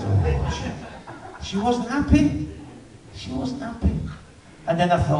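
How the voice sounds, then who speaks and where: A man in his fifties performs a stand-up routine, telling stories with dry timing and asking the audience questions. His voice rises and falls with lively swings. It echoes around a roomy hall and sounds caught from a distance. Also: high-pitched, unhurried, pauses often, crowd noise. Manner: dry storytelling, chats with the audience. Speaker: stand-up comedian. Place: live venue.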